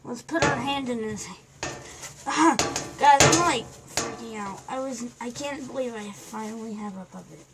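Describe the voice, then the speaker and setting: A woman vlogging casually as she unboxes a puppet, playful and excitable, with some casual swearing. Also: on the high side, normal speed, heavy background noise. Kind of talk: casual goofy chat.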